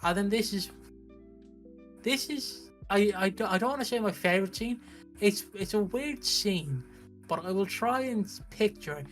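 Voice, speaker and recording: A British man recapping a soap opera on a stream in a casual, animated way, with frequent restarts. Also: high voice, moderate pace, soft background music. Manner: animated storytelling, acts out characters' lines, frequent restarts.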